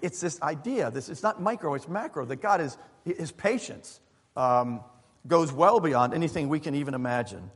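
A man, a pastor, preaching a sermon in a relaxed, conversational way, with fillers and asides to his congregation. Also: a little high, normal speed. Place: church sanctuary. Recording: long hall reverb.

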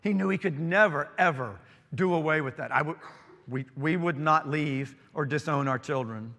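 Earnest preacher in a reverberant hall. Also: male voice, fairly high pitch, normal speed. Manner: earnest, swings from emphatic to hushed storytelling. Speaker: pastor. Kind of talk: sermon.

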